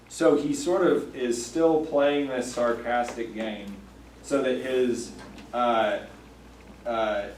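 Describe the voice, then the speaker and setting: A man teaching a church Sunday school class, thoughtful and halting, with many fillers and restarts. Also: medium pitch, darkish tone, slight background noise. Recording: echoey room, mic far off.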